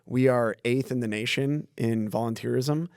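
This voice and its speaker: Easygoing man guest, mid-pitched, frank and anecdotal, dry close podcast mic. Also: normal speed, a little mellow, no room sound. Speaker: community foundation staff. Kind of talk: casual podcast conversation.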